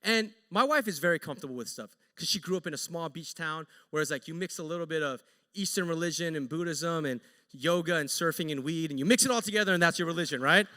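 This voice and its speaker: A man preaching a sermon as an animated storyteller who acts out the people in his story. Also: fairly high pitch, fast talker, in a large hall. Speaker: pastor. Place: church sanctuary.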